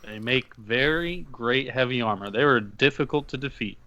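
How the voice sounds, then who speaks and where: A man's voice: mid-range voice, normal speed, pushed and bright, dull audio. A man taking part in a tabletop game as a player, chatting casually with easygoing, brief replies.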